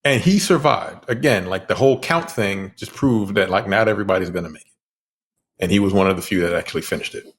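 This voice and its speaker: A man co-hosting a film podcast, chatting in an animated, profane way and laughing between lines. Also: low-pitched, quick pace. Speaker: podcast co-host. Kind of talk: casual chat.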